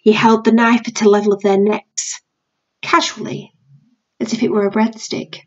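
A woman's voice: medium pitch, little pitch movement, normal speed, a little mellow, muffled recording. A British woman teacher reading a novel aloud to her class.

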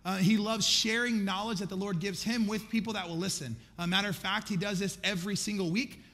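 A middle-aged pastor delivers a sermon in a large church auditorium, his high-pitched voice brisk and a bit bright with fairly even intonation. He talks conversationally and acts out his own distracted prayers with self-deprecating humor, and the recording carries echoey church hall reverb.

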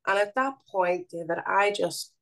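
A woman's voice: mid-range voice, vocal fry, fairly bright tone. A woman with a Belfast accent, speaking earnestly as an interview guest and often stopping to restart her sentences. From Northern Ireland. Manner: earnest, halting with fillers and restarts. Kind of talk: interview conversation.

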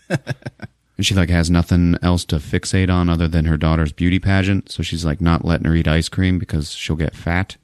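A man's voice: sits low, little pitch movement, normal speed, darkish tone, clear, resonant tone, no echo, studio quality. A man hosting a podcast, casually recapping a movie with lots of swearing and laughing. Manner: profane, laughing often. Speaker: podcast host.

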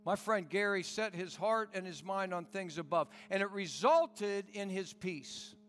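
High-voiced preacher in a reverberant hall. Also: male voice, unhurried, a bit bright, slight background noise. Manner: earnest, pleading, rhetorical questions. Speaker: pastor. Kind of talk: sermon.

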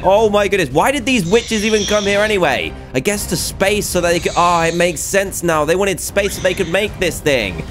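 A man hosting a video game let's play, excitable and chatty, exclaiming often. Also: high voice, normal speed, few pauses, over music. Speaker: gaming video host.

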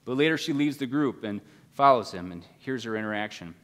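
A man preaching a sermon to his congregation. His delivery swings from loud, urgent appeals down to hushed, quiet passages. His voice sits at an ordinary middle pitch and rings on in a long, reverberant hall. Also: lively intonation, brisk. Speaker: pastor. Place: church sanctuary.

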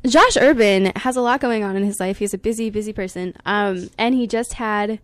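A woman's voice: mid-range voice, normal speed, dry recording. A woman hosting a casual radio show in a studio, upbeat and giggly as she talks with her guest over a studio microphone. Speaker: radio host.

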